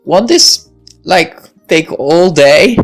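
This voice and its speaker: A woman's voice: on the low side, lively intonation, extremely slow, faint music behind, voice pushed up, full character voice. A woman voicing a musing teen girl. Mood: reluctant. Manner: musing, self-questioning inner monologue. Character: young woman, thoughtful high school senior. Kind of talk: reading a visual novel aloud.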